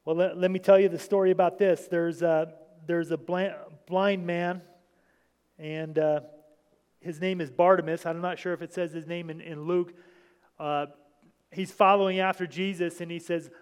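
A man's voice: fairly high pitch, level tone, moderate pace, clear, resonant tone. A man preaching an informal sermon, talking to his congregation with many restarts and asides. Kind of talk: informal sermon reading scripture. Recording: long hall reverb.

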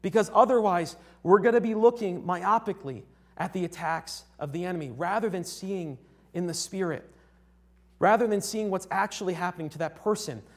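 A young man from Connecticut delivers a sermon in an earnest, conversational manner. His voice sits a little high for a man, and he often restarts his sentences while checking in with his listeners. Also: moderate pace. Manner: earnest, conversational, with frequent restarts and rhetorical "right?". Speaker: preacher.

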